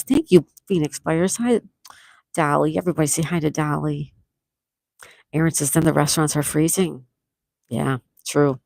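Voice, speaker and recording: A woman's voice: low-pitched, gravelly, a little mellow, no room sound, low-quality recording. A retired woman in her sixties hosting a casual livestream, reading viewers' comments aloud and chatting back. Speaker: livestream host.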